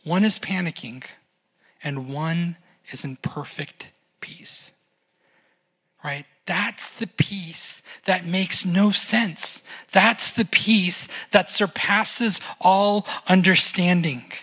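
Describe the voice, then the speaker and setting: An unhurried preacher who takes the sermon at a slow, easy pace. The delivery stays conversational, with a questioning "right?" tucked between thoughts and a light touch of humor. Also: medium pitch, a bit bright, slightly rough. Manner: conversational, keeps asking "right?".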